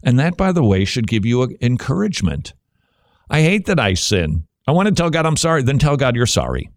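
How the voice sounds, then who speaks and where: A man hosting a radio talk show with an animated, swinging delivery that moves from jokes to earnest preaching. His voice is dry and close, with a middle pitch. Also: a little fast, dry recording. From Dutch heritage.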